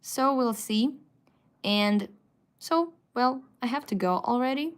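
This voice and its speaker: Slow-paced woman teaching on a live stream. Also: fairly high pitch, lively intonation. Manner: slow, patient explaining with frequent fillers. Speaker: Russian language teacher. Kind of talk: live-stream language lesson. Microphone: phone.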